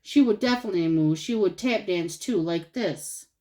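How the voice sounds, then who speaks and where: A woman's voice: lowish voice, normal speed, mellow, close to an everyday voice. A woman reading a storybook aloud, voicing a spirited little girl who is eager and insistent.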